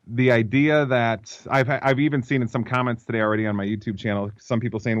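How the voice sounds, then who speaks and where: A man's voice: mid-range voice, fairly even intonation, a little fast, hardly any pauses, dry recording, highs cut off. A man as an interview guest, thinking aloud and explaining at length over a computer call. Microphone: computer mic.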